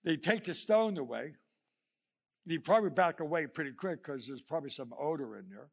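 High-voiced pastor preaching on a dull recording. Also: male voice, brisk, gravelly, husky. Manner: animated storytelling, acting out the scripture quotes; chuckles often between points. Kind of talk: sermon.

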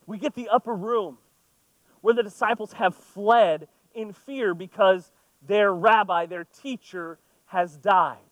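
A man with a high voice preaches to his congregation. He reads scripture, then talks through it loosely and playfully. His voice is recorded close and dry. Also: takes it slowly, no echo, low-quality recording. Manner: conversational, playful asides. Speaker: pastor. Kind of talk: sermon with scripture reading.

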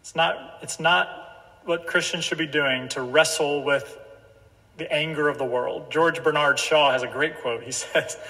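A man pastor delivering a sermon, slow and emphatic, repeating key phrases. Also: fairly high pitch, steady tone, pushed and bright. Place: church sanctuary. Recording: church hall reverb.

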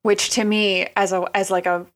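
Woman co-host, casual film analysis, reflective and unhurried. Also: medium pitch, level tone. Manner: thoughtful, analytical, drawn-out phrasing. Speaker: podcast co-host.

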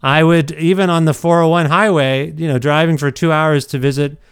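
A middle-aged man spins a casual, self-deprecating anecdote, his pitch sitting a bit high. His voice is smooth and resonant, heard close and dry. He talks in an animated way and trips over his own words. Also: normal speed, dry recording. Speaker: podcast storyteller. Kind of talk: casual storytelling.

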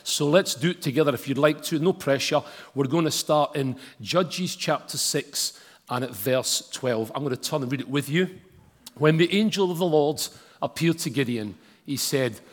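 A man's voice: a little high, husky. A man preaching a sermon and reading scripture aloud, with casual asides to the congregation. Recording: long hall reverb.

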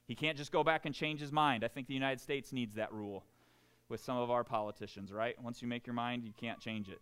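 A man preaching a sermon, animated and joking, often checking in with the congregation. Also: medium pitch, brisk, smooth. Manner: animated and joking, keeps asking the room "right?".

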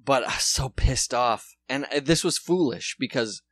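A man's voice: mid-range voice, moderate pace, fairly bright tone, dry recording. A man co-hosting a podcast, rambling sarcastically and swearing a lot in casual chat. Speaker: podcast co-host.

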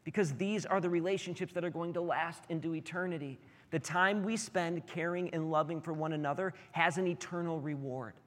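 A man's voice: a little high, brisk. A man in his thirties preaching a sermon as pastor, earnest and building to emphatic peaks. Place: church sanctuary. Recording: hall reverb.

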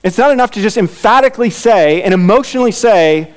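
A man's voice: sits high, animated, brisk. A man preaching an expository sermon, emphatic and repeating his key lines. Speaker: pastor.

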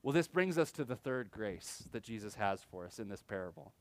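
A man's voice: lowish voice, very animated, fairly quick, dry recording. A young adult man preaching a sermon in a conversational style, often acting out quotes with sudden animation. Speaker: pastor.

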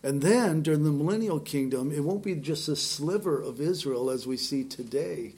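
A man's voice: fairly high pitch, normal speed, darkish tone, breathy edge. A male pastor giving an expository sermon, conversational and emphatic, reading scripture aloud and adding his own asides. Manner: conversational, emphatic, with fillers and restarts.

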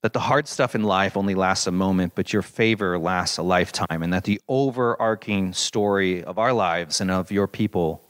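A man's voice: sits low, fairly bright tone. A man preaching a sermon as pastor, earnest and reflective, reading scripture with rising emphasis.

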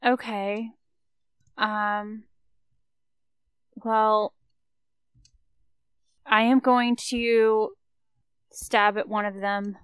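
A woman at a tabletop game talks through her moves slowly, taking her time. Her voice is smooth and clear, and it sounds dry and close. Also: medium pitch, level tone, fairly bright tone, no room sound. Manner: unhurried, thinks aloud. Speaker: player.

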